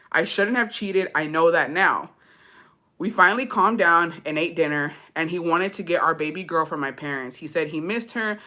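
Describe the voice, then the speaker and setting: A woman's voice: fairly low pitch, sharp tone. A young woman reading a storytime aloud in slangy, profane English with Spanish mixed in, breaking off to laugh and comment.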